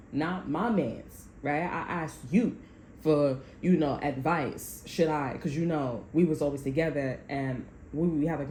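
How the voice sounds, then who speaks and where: A woman's voice: low voice, warm tone. A woman telling a long personal story in a casual, rambling way, full of slang and swearing, often laughing. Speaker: tarot reader. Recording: echoey room with faint background noise.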